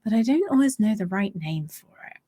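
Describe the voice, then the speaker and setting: A woman's voice: medium pitch, lively intonation, brisk, dark tone, dry recording. A woman chats with easy, self-deprecating humor and breaks into laughs often. Her voice sits mid-range and sounds close and dry, the way it does on a video call. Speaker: guest. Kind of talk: casual chat.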